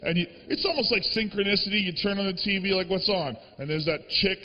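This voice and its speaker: Brash, high-voiced profane comedian. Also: male voice, fast talker, long reverb tail. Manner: brash, profane, shouting rants. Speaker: stand-up comedian. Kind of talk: stand-up comedy set. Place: stage, live show. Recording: dull lo-fi live recording.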